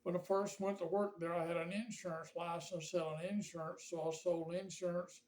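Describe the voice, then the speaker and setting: Older pastor, rambly folksy storytelling, kinda high voice. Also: male voice, flat delivery, a little fast, a little mellow. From Georgia, USA. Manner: folksy, rambling, with frequent fillers and restarts. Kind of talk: casual reminiscing monologue to camera.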